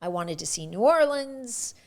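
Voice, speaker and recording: A middle-aged actress telling stories in a casual interview, animated, restarting her sentences and acting out what people said. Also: on the high side, unhurried. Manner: animated, acts out quoted dialogue, frequent restarts. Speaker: guest actress.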